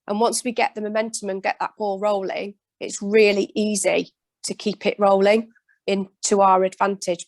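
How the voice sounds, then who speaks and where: A woman's voice: medium pitch, dry recording. A woman dairy farmer from Britain speaking on a webinar panel in an earnest, plain-spoken and emphatic way.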